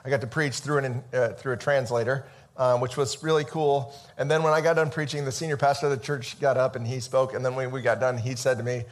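A man's voice: mid-range voice, level tone, fairly quick. Male pastor, mid-range voice, informal sermon on a church mic, rambling and conversational. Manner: conversational, chatty, with many fillers and restarts. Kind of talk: casual sermon. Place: church sanctuary. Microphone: amplified microphone.

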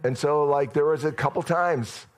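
A man's voice: on the high side, normal speed. A male pastor giving a sermon in a conversational storytelling manner, addressing the church directly.

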